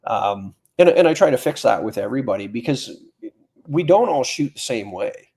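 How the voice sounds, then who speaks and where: A middle-aged man with a gravelly, rough-edged voice and a breathy, husky grain. He talks casually and plainly, piling up quick asides and stories from his years of teaching. His pitch sits at an ordinary middle height for a man. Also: lively intonation, darkish tone. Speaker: firearms instructor guest. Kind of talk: casual podcast conversation.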